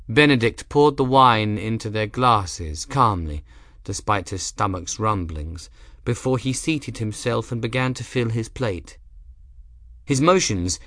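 A man narrating an audiobook in an expressive, measured way. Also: on the low side, dry recording, clean studio sound. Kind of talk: scripted narration.

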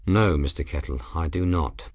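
A man voicing a stern, controlled male airship captain in an audiobook, speaking in a clipped, measured, formal way. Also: rumbling low, a little mellow, dry recording, studio quality, voice pushed down. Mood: firm.

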